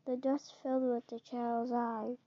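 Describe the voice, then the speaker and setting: A woman reads a children's book aloud in a gentle storytelling manner, now and then stumbling over a word and restarting it. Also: on the high side, little pitch movement, a little slow. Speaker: narrator. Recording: dull lo-fi recording.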